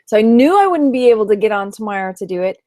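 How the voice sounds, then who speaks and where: A woman's voice: mid-range voice, sing-song, fast talker, a little mellow, dry recording, studio quality. A woman with a Texan accent chatting casually on a late-night live stream, tired and greeting viewers by name as she goes. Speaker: online reseller doing a live stream.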